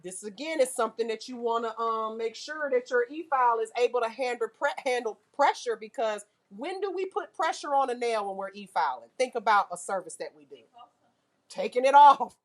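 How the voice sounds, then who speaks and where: A woman teaching a nail class, lively and full of questions to her students. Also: a little high, a little fast. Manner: lively, asks the class questions, uses car comparisons. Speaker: nail instructor. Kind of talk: classroom lecture.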